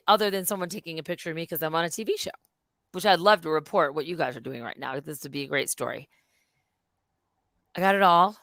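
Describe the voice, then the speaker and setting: A middle-aged woman with a lowish voice tells a story on a live stream, energetic and blunt, swearing and acting out each exchange. The sound is dry and close. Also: dry recording. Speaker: host. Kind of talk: casual live-stream chat.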